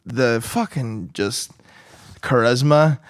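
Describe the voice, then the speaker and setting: A man's voice: mid-range voice, takes it slowly, clean tone, no room sound, clean studio sound. Sweary man telling stories. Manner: sweary, storytelling, laughing often. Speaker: podcast co-host. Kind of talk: casual chat.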